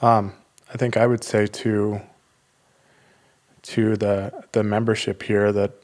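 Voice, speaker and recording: Halting, fairly low-voiced man. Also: level tone, a little mellow. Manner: hesitant, halting with many restarts. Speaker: guest. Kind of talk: casual conversation. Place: church podcast studio.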